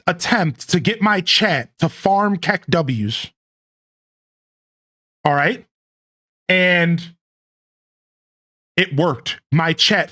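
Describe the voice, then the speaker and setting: A man streamer casually telling a story to his stream chat, laughing often and mimicking chat in high yelps. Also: a bit bright.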